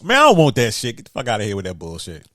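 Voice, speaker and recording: A man's voice: on the low side, huge pitch swings, racing, pushed and bright, no room sound. Laid-back man in a dry room. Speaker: podcast co-host. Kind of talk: casual movie commentary chat.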